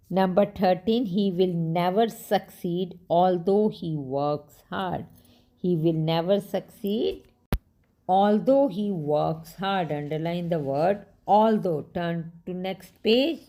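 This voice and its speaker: A woman's voice: lowish voice, darkish tone. A woman teaching a grammar lesson to young children, patient, repeating each sentence and spelling words out.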